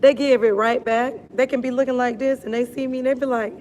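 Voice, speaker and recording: A middle-aged woman wellness coach chatting casually on a live stream, animated and blunt, laughing often and talking in slang. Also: fairly high pitch, fast, slight background noise.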